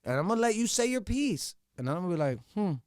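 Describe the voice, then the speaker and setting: A man's voice: sits high, very animated, fast, smooth, no room sound, clean studio sound. Blunt, profane man ranting solo. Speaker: podcast host. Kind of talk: solo podcast monologue.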